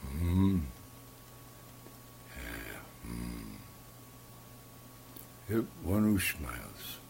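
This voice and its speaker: An older man telling folksy stories in a slow, halting, soft-spoken way with many fillers. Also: rumbling low, sing-song, gravelly, slight background noise. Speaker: storyteller. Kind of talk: casual folksy storytelling.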